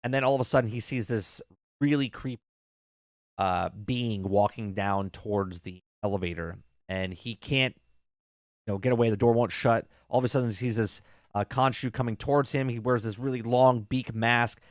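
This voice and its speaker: A man's voice: medium pitch, normal speed, no echo, clean studio sound. A man in his thirties casually retelling a TV episode, rambling with lots of fillers. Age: 30s. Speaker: show reviewer.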